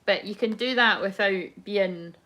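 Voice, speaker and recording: A young woman talking through a tarot reading in a loose, rambling way. She swears freely, breaks into laughter and drifts between thoughts. Her pitch sits mid-range for a woman. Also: measured pace, sharp tone. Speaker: tarot reader. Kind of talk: casual live tarot chat.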